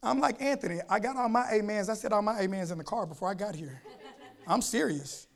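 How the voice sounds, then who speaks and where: A man with a very high voice preaches a sermon. He repeats his phrases for weight and reads scripture slowly. His delivery swings between shouting and quiet intensity. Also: creaky. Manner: quotes scripture slowly and deliberately.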